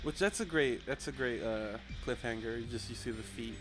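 A man chatting casually as a podcast co-host, recapping a comic chapter, loose and quick to laugh. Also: medium pitch, over music. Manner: laughs often, loose, full of fillers.

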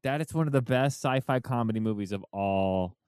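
A man joking around in casual banter, excitable and swearing. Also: fairly low pitch, brisk, clean tone, dry recording, studio quality.

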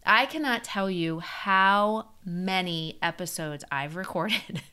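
A woman with a slightly low-pitched voice hosts her own podcast alone. She rambles warmly and encouragingly, often restarting her sentences and slipping in small laughs. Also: takes it slowly, clear, resonant tone. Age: adult. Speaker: podcast host. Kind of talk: solo podcast monologue.

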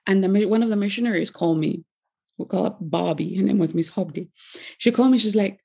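A woman in her forties giving an earnest, emotional personal faith testimony, with pauses and restarts. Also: medium pitch, vocal fry, mellow, husky. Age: 40s.

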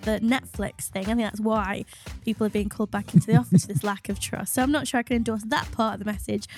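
A woman, a business psychologist co-hosting a podcast, upbeat and quick to laugh, sounding stuffed up from a cold. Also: mid-range voice, steady tone, darkish tone, faint music behind.

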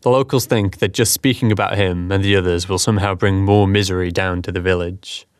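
A man voicing a wary old male farmer who is grieving a lost son, gruff and sorrowful. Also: low-pitched, fairly even intonation, fairly quick, dry recording, clean studio sound, lightly acted.

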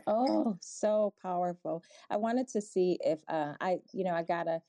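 A woman host with a low, mellow voice and dry sound, interviewing a guest over a call. She is effusive and halting, with many restarts. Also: no echo. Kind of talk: casual interview.

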